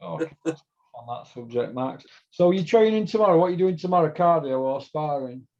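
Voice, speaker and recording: With a slightly high, expressive and a little mellow voice at normal speed, a middle-aged Doncaster man chats through stories on his podcast. His South Yorkshire accent comes through as he rambles, swears and laughs. The audio is dull and lo-fi.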